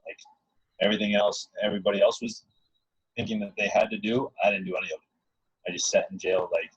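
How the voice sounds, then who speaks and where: A man with a low, husky voice recounts his own story in a casual, earnest ramble. He restarts sentences often and circles back on his points. The sound is dry and dull, like a lo-fi recording. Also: flat delivery, fairly quick, no echo. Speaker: guest telling his story.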